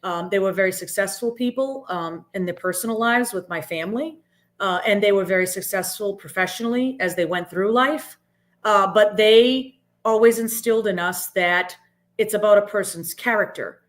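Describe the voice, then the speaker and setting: A middle-aged woman speaks in an earnest, emphatic way as a podcast guest. She often ends her points with "right?". Her voice sits at an ordinary middle pitch. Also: moderate pace. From Boston area, US. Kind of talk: reflective interview talk.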